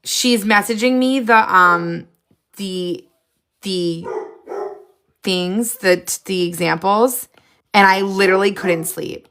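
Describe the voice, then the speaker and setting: A woman hosting a casual live stream, chatty and excitable, jumping from idea to idea with frequent laughs. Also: medium pitch, slow, long pauses. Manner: excitable, jumps between ideas, frequent laughs.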